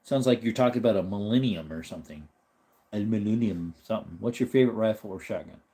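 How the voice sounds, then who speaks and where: A man's voice: lowish voice, fast talker. Man, American, live stream host, casual chat, laughs often. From United States. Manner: relaxed, chatty, reads chat aloud and laughs often.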